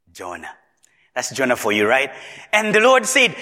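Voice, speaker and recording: A man's voice: medium pitch, very animated, brisk, bright, forceful tone. A man preaching a sermon in a church hall, quizzing the congregation with rhetorical questions. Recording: long reverb in a large hall.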